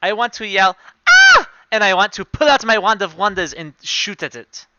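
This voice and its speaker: A man playing a tabletop game. He talks excitably, with yelps and giggles. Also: sits high, a little fast, lo-fi sound, very noisy. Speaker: player.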